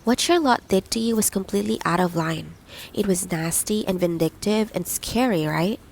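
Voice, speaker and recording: Brief: caring, blunt young female friend, brisk and earnest, read by a woman narrator. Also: mid-range voice, creaky, a little mellow, slight background noise, close to an everyday voice.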